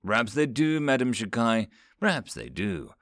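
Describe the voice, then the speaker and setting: A man voicing a polished, mysterious male alien envoy who speaks politely, with calm amusement. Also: medium pitch, normal speed, no room sound, clean studio sound. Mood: composed. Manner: polite, composed, faintly amused.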